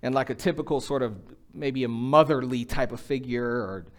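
Conversational man preaching a sermon. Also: moderate pace. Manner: conversational preaching, acts out quotes with rising pitch. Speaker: pastor.

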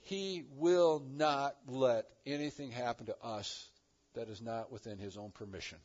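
A man preaching a sermon as pastor, swinging between loud emphatic lines and hushed ones. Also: mid-range voice, unhurried, highs cut off.

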